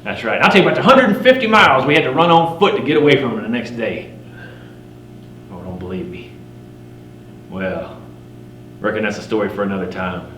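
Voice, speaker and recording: A man's voice: lowish voice, expressive, a little fast, long pauses, bright, forceful tone. A man playing a boastful frontier mountain man. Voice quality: folksy drawl with rough frontier grammar. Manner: swaggering, wry, chuckling at his own yarns. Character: boastful frontier mountain man, grizzled fur trapper telling tall tales. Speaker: living history storyteller. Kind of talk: first-person campfire tall tale. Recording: roomy recording with faint hum.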